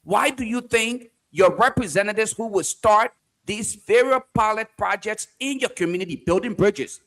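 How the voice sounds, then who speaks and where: A man hosting a political talk show, deliberate and arguing through rhetorical questions. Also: high voice, a bit bright. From Liberia.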